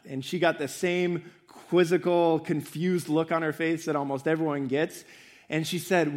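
A pastor, a young man, delivering a sermon in an earnest, repetitive style. His voice sits a little higher than most men's, and each point climbs as he stresses it again. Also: normal speed. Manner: earnest, repetitive preaching with rising emphasis. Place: church.

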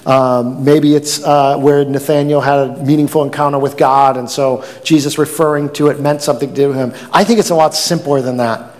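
A man's voice: medium pitch, fairly even intonation, moderate pace, darkish tone, big-room sound. A man preaching a sermon as pastor, telling stories with animation and acting out quoted lines.

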